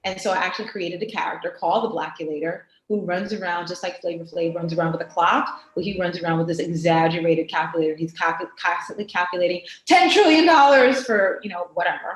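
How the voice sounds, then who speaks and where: A woman with a New York accent, talking as a guest on a video-call interview in an animated, emphatic way. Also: on the low side, fast, hardly any pauses. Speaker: guest artist. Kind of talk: casual interview chat. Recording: roomy echo on a video call.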